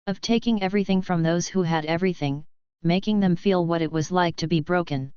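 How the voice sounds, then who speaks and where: Very smooth low-voiced woman narrating. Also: fairly quick, no room sound. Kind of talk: scripted narration of a fan story. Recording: dull lo-fi dry.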